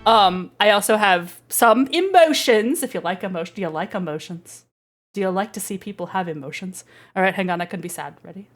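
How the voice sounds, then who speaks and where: A woman's voice: medium pitch, animated, fairly quick. A woman VTuber chatting casually on a livestream, giggly and rambling, playful. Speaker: VTuber streamer. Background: faint background music.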